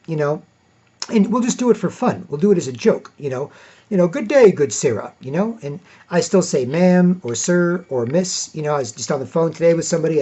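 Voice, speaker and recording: A man's voice: on the high side, a little mellow. A man talking in a casual monologue as a podcast host, rambling and padding his points with "you know" and "right". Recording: dull lo-fi recording.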